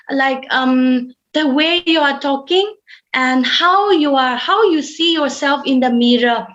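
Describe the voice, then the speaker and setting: A high-pitched woman, teaching over a webinar. She speaks in a measured way, repeats her points and fills pauses with ums. The audio is somewhat muffled, as from a computer mic. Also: fairly bright tone. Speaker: webinar presenter. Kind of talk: online webinar talk. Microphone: computer mic on a video call.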